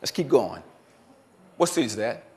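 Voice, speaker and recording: A keynote speaker delivers a motivational seminar talk to a live conference-room audience, posing questions and echoing their replies. His voice is medium-pitched with a darkish tone, very animated, at a moderate pace.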